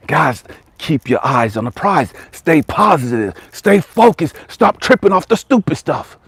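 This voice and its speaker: A man's voice: medium pitch, sing-song, normal speed, breathy edge, no room sound. A man giving a motivational spiritual talk as a coach. He repeats his exhortations emphatically, tells stories in a slangy, conversational way, and swears casually.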